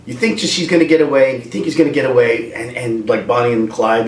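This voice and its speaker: A man's voice: mid-range voice, fairly even intonation, fast talker. A man giving a rambling, comic rant at home, breaking into voices. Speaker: video creator. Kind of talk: comedic rant. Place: room at home with a dog. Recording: roomy, distant from mic.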